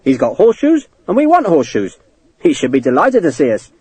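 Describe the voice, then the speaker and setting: A man voicing a tough, rough-spoken English soldier who talks bluntly and swears. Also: fairly high pitch, wildly swooping pitch, brisk, darkish tone, no echo, heavily acted. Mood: gruff.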